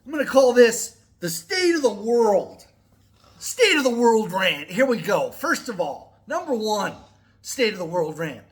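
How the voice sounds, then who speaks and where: Profane, animated middle-aged guy ranting. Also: sits high, measured pace. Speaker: metal music YouTuber. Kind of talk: casual to-camera vlog rant.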